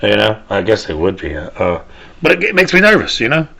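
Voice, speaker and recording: A man's voice: lowish voice, huge pitch swings, a little fast, vocal fry, bright, forceful tone. A man, ranting loosely on his own show, rambling and swearing, often trailing off and restarting. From Southern United States. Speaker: podcast host. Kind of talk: casual solo rant.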